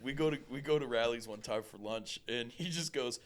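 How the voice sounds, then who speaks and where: A man's voice: mid-range voice, a little fast. A young adult man telling a story in a casual podcast chat. He swears often and acts out what people said. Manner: lively, swearing, acts out quotes. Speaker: podcast co-host.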